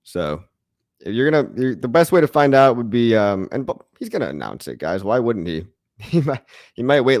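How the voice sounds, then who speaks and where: A man's voice: lowish voice, darkish tone, no echo, clean studio sound. A man hosting a casual livestream, reading viewer chat in a loose, chatty way, often saying "guys" and chuckling.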